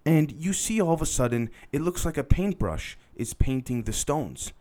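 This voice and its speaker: A man's voice: fairly high pitch, expressive, moderate pace, a little mellow. A man hosting a podcast, telling a story in a casual, rambling way and talking straight to his listeners. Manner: rambling, conversational, addresses listeners directly. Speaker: podcast host.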